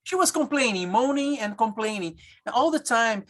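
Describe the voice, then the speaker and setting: A man, an obstetrician telling stories in a webinar conversation, halting and searching for English words with many restarts. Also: sits high, expressive, fairly bright tone.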